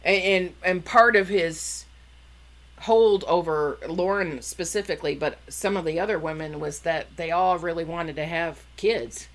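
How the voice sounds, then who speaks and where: A woman whose voice sits notably low chats casually, working through a lengthy story. She often breaks off and restarts sentences, padding the gaps with "um" and "like."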